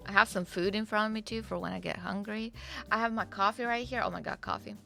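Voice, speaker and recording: Gravelly, bright-voiced woman streamer. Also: mid-range voice, fast. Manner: chatty and rambling, with fillers and swearing. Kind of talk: casual live-stream chat to viewers. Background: faint game music.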